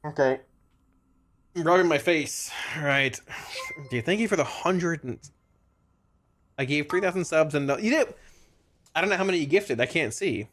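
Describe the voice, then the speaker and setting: A man streaming a game live, talking casually to his viewers, excitable and stammering, often repeating himself. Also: on the high side, moderate pace, pauses often.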